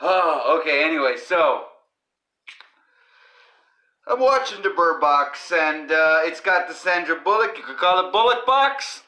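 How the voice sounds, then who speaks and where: Slow, bright-voiced goofy podcast host man. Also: fairly high pitch, highs cut off. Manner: goofy, riffs and sings silly bits. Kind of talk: rambling comedic podcast chat.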